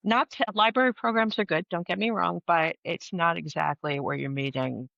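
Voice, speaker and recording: A woman's voice: on the low side, normal speed, vocal fry, a bit bright, dry recording. A middle-aged woman co-hosting a podcast, chatting in an opinionated, jokey way. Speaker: podcast co-host. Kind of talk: casual chat. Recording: dull lo-fi sound.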